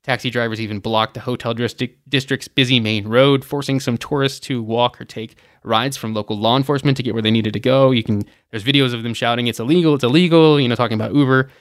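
A man's voice: mid-range voice, steady tone, quick pace, hardly any pauses, no echo, studio quality. A man hosting a travel news podcast, running through the news in a casual, opinionated way with lots of fillers. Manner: chatty and opinionated, many "you know" fillers. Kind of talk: casual news rundown with commentary.

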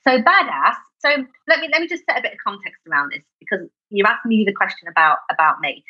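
A woman with a northern British accent, a podcast guest talking in a casual, energetic and emphatic way, with some self-deprecating asides. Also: mid-range voice, fast, breathy edge, dull audio. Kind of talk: casual interview chat.

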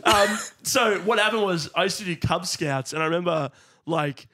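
A young Australian man co-hosting a comedy podcast, telling stories in an animated way and laughing often. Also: sits high, moderate pace, no echo, clean studio sound. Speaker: podcast co-host. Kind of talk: casual comedic chat.

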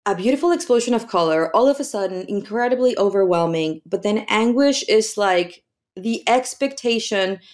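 Animated woman from Mexico telling her story. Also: medium pitch, normal speed. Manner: animated, acts out quoted dialogue, laughs often. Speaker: guest, makeup artist. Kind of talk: casual conversational storytelling.

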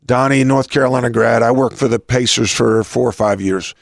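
A man's voice: mid-range voice, brisk, creaky, no echo, clean studio sound. A man hosting an interview, rambling through anecdotes with frequent restarts. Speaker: host. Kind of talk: casual interview talk.

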